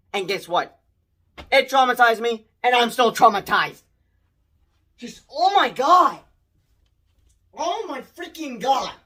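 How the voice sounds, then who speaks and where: Young guy doing a casual movie review vlog, rambly and excitable, keeps restarting his sentences. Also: extremely high pitch. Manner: rambling, excitable, many restarts and mild swearing.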